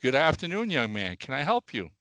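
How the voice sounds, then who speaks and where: A woman's voice: extremely low pitch, big pitch swings, brisk, a bit bright, no echo, full character voice. A man voicing a kindly, frail little old lady with a genteel, startled way of speaking while telling a joke. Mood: polite.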